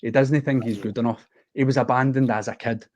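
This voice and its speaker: In a podcast interview, a Scottish guest from the west of Scotland shares his own story candidly, sounding earnest, heartfelt and unguarded. His mid-range voice has a darkish tone and fairly even intonation, and he talks a little fast. The audio is dull.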